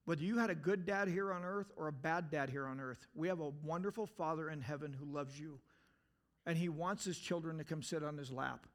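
A man preaching a sermon, talking earnestly and asking the listeners direct questions, now and then swelling to emphatic outbursts and dropping low again. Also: a little fast. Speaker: pastor.

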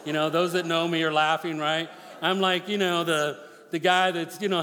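A man preaching a sermon as pastor, swinging from forceful near-shouted appeals to hushed, quick storytelling. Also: fairly high pitch, fairly even intonation. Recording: long reverb of a large hall.

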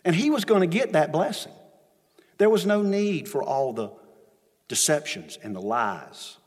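A man's voice: a little high, lively intonation, a little slow, slightly rough. A man preaching a sermon as a pastor, retelling the story with emphatic repetition, recorded in a church sanctuary with long reverb.

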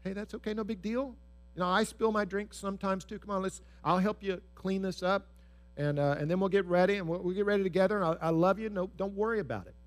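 A man voicing a gentle parent who reassures a child in a soft, comforting way. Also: sits high, fairly even intonation, fast, close to an everyday voice.

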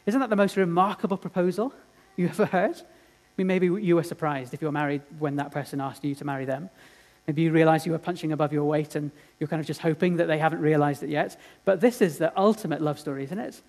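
A man preaching a sermon, telling a story earnestly and dramatically, swinging from loud to hushed. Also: on the high side, fast talker.

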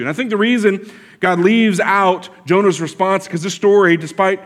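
A man preaching a sermon, retelling a scripture story in a conversational way with asides to his congregation and a hushed, slow opening prayer. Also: high-pitched, fairly even intonation. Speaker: pastor.

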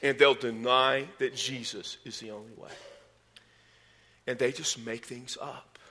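A man preaching a sermon, animated, rising in pitch and volume to stress his points, with folksy asides. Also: measured pace, slight background noise. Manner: folksy asides and sports metaphors. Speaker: pastor.

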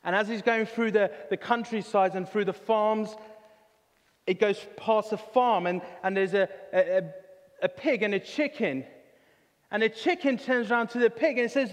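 A man preaching a sermon in a church hall, earnest and halting, often restarting his words. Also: high-pitched. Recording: reverberant church hall with soft music.

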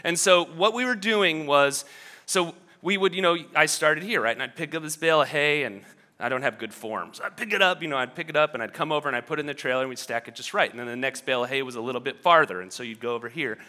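A man delivers a sermon as pastor, and his storytelling is loose and chatty, full of restarts and little asides. His voice is bright and forward. It rings out with the long reverb of a large hall. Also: on the high side, quick pace.

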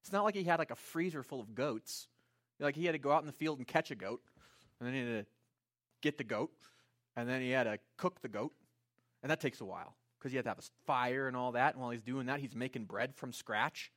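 A man preaching a sermon in a conversational, animated way, voicing characters with playful asides. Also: mid-range voice, quick pace. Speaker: pastor.

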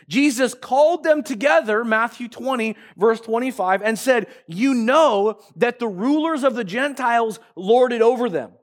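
A male pastor preaching a sermon emphatically, stretching key phrases and rising to shouts. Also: very high voice.

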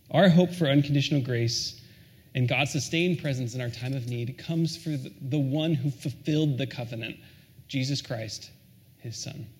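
A man preaching a sermon, earnest and questioning, often dropping to a soft hush on key lines. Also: medium pitch. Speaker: pastor.

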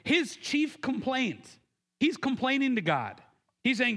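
A man's voice: very animated, takes it slowly, sharp tone. A man preaching a sermon in an earnest, conversational way, often restarting his words and raising his voice to act out the quotes. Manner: acts out quotes with raised pitch and emphasis. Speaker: pastor.

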